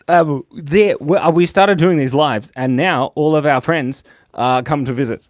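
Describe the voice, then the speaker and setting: Playful Australian man with bouncy pitch. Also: lively intonation, normal speed, no echo, clean studio sound. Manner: playful and jokey, reading out viewer chat. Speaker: host of a live drawing stream. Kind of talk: casual live-stream chat while drawing.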